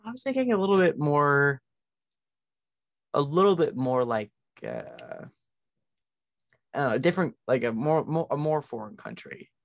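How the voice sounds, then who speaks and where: A man's voice: a little high, sing-song, moderate pace, gravelly, long pauses, no room sound. A man co-hosting a casual movie podcast, teasing and easygoing, laughing often. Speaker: podcast co-host.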